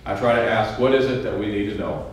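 A man preaching a sermon as a pastor, telling a joke story with a dry, wry humor and halting, repeated starts. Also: on the low side, a little hiss or hum. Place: church sanctuary. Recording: echoey church room from a distant mic with faint ambience.

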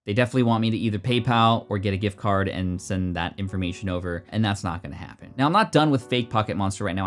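A man hosting a video, talking casually and wryly as he reads and comments on chat messages. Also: on the low side. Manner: wry, amused, conversational. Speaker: YouTube host.

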